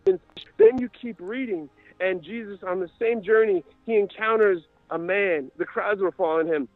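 A man with a high-sitting voice preaches passionately at normal speed, his impassioned sermon building until he is crying out fervently. Soft background music plays, there's no echo, and the recording sounds like a tinny radio broadcast.

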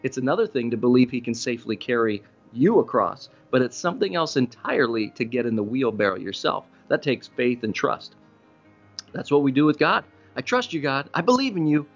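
A man's voice: medium pitch, brisk, vocal fry, dull audio, faint music behind. Conversational male preacher telling stories. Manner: conversational storytelling preacher, animated rises for emphasis. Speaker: pastor. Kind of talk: sermon.

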